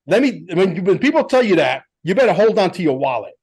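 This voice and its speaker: A man hosting a podcast, telling stories in an animated, blunt and emphatic way. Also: sits high, brisk, slightly rough. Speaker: podcast host. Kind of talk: casual podcast chat.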